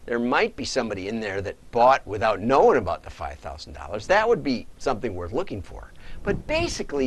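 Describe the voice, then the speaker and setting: A middle-aged man, a data marketing consultant, casually telling rambling stories on a livestream, chuckling and correcting himself as he goes. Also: medium pitch.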